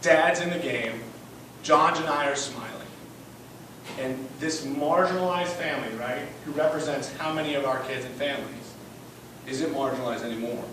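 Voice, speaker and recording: A man's voice: medium pitch, normal speed. Emphatic man giving a fundraiser talk. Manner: emphatic, keeps asking "right?". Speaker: school principal. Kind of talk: storytelling speech at a fundraiser. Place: event room. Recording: echoey room, distant mic, noisy.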